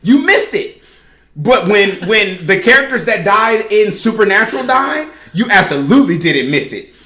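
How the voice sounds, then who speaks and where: Animated woman on a podcast panel. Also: mid-range voice, normal speed, reverberant. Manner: animated, emphatic storytelling. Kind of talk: casual panel chat. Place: podcast studio room.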